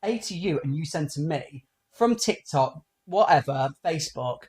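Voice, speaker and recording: This man in his forties co-hosts a casual comedy podcast, spinning crude jokes and stories and acting out the voices of the people in them. He's an animated storyteller with a high-leaning voice at a normal speed.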